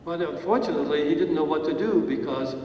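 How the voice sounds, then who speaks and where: A man's voice: fairly high pitch, fast, warm tone, slight background noise. Distant man giving an acceptance speech. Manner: anecdotal storytelling with hesitant fillers. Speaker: award recipient, acting teacher. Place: large event hall. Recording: echoey hall from far off.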